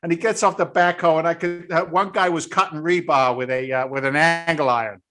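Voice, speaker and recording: Blunt, animated man. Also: fairly high pitch, a little fast, soft background music. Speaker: guest, real estate investor. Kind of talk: casual interview storytelling.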